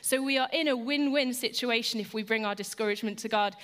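A woman's voice: fairly high pitch, fast talker, a bit bright. A woman giving a Christian devotional talk, earnest, personal and conversational. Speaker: Christian speaker.

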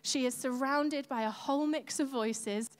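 A woman's voice: sits high, unhurried. A woman church leader giving a chatty, self-deprecating sermon from a church stage and talking with the congregation. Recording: long hall reverb.

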